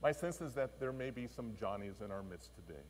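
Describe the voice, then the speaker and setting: A male pastor giving a sermon, telling a story in an expressive, animated way. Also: on the low side, brisk, a little hiss or hum. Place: church. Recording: long church reverb.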